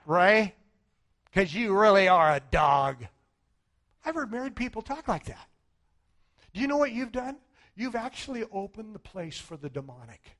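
A man preaching a sermon as pastor, acting out the voices of doubting people, swinging from shouts to near whispers. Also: high-pitched. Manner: dramatic, swings from shouting to hushed, acts out voices of congregants.

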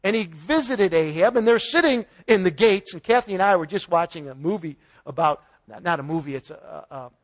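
A man's voice: high voice, animated, a little fast, hardly any pauses. A man giving an informal Bible teaching, retelling the story in a folksy way with paraphrased dialogue and chuckles. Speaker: preacher.

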